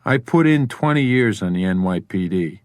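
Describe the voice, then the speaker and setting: A man voicing a calm New York detective. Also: on the low side, normal speed, no room sound, studio quality, close to an everyday voice.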